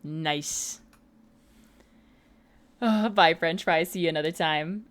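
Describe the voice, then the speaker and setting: A woman's voice: sits low, slow pace. A woman in her mid-twenties chatting casually and teasing her viewers during a late-night gaming livestream. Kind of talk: casual chat while gaming.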